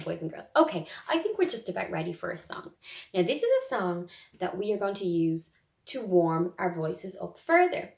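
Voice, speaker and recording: A woman with an Irish accent teaching a music lesson to young children, speaking gently and encouragingly and singing demonstrations. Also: medium pitch, sing-song, normal speed, vocal fry, lo-fi sound. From Ireland. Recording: roomy echo.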